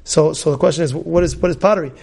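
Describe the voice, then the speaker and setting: A rabbi races through a Torah class in a gravelly, fairly high voice. His teaching is emphatic, full of rhetorical questions and loud outbursts.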